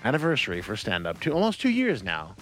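A man co-hosting a radio talk show, chiming in and reading out the text line in a quick, casual way. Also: on the low side, huge pitch swings, fairly bright tone, soft background music.

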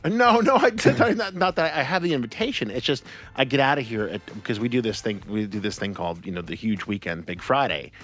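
A man's voice: fairly low pitch, fast, a bit bright. A man from the United States hosting a radio show, chatting casually and rambling with many restarts. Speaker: radio host. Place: radio studio.

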